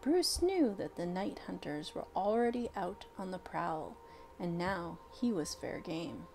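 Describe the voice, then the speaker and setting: Gravelly-voiced woman reading a storybook aloud. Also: fairly low pitch, slight background noise. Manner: expressive, unhurried reading with dramatic pauses.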